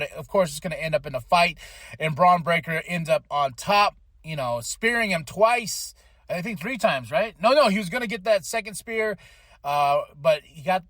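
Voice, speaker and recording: A man hosting a podcast, giving a casual, animated recap of a wrestling show, often laughing and slipping into quoted voices. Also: sits high, no room sound, clean studio sound. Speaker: podcast host.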